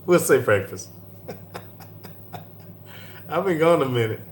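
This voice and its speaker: A middle-aged man hosts a live-stream Q&A from an airport, reading viewer comments in a relaxed, chatty way and laughing often. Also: a little high, takes it slowly. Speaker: cooking channel host. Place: airport lounge. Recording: echoey airport with faint hum.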